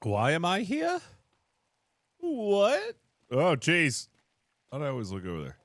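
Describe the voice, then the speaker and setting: Guy streaming as a captain in rp, big swings in pitch, hamming it up. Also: takes it slowly, dry recording, studio quality. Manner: animated, theatrical, shouting for help. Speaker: streamer playing a ship captain. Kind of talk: live role-play.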